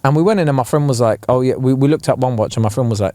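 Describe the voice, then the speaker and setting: A young man, co-hosting a casual podcast and telling animated stories, putting on voices for the people he quotes. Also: medium pitch, racing, no echo. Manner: animated storyteller, slips into impressions. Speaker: podcast co-host. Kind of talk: casual chat.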